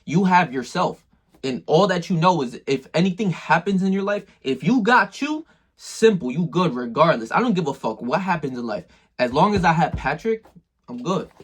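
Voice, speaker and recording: A man's voice: a little high, expressive, normal speed, slightly rough. A man talking straight to the viewer in a casual motivational monologue, full of slang and swearing. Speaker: self-improvement video maker.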